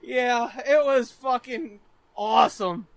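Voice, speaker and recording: A man in his twenties co-hosting a podcast, telling stories in an animated, profane way and laughing often. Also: very high voice, takes it slowly, no echo. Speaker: podcast co-host. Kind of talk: casual chat, storytelling.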